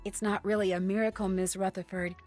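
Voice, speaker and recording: A woman's voice: medium pitch, little pitch movement, brisk, darkish tone, lightly acted. Nancy Drew, a woman voicing a polite teen sleuth. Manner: polite, earnest, modest. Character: earnest young female teen detective. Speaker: game character. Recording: game audio with background music.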